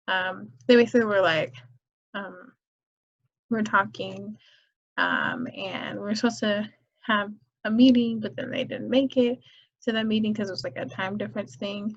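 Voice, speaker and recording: Husky-voiced woman chatting on a podcast. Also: mid-range voice, lively intonation, normal speed. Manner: chatty, storytelling, many fillers. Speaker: podcast host. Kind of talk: casual solo podcast chat. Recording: dull lo-fi recording.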